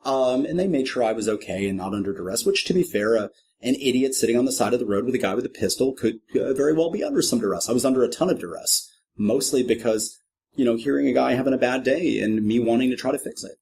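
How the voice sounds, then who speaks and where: Middle-aged male clown, podcast guest, animated storyteller, mid-pitched voice, dry self-mocking wit. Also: fast talker, a little hiss or hum. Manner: lively, acts out quoted voices with big pitch jumps; self-deprecating, wry humor.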